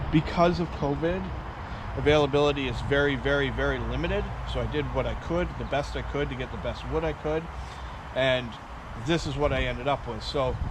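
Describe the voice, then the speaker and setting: A man hosting a do-it-yourself build, explaining each step in a relaxed, chatty way with the odd filler. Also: medium pitch, noisy background. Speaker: handyman host. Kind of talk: casual DIY instruction. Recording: clear music playing under the voice.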